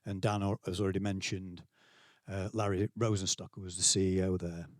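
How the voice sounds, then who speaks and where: A man's voice: sits low, little pitch movement, brisk, no room sound, studio quality. A middle-aged man with a Yorkshire accent giving a conference talk to staff, conversational and self-deprecating, acting out quotes as he tells stories. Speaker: keynote speaker, school leader. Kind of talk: conference talk, anecdotal storytelling. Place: conference venue, speaking to staff.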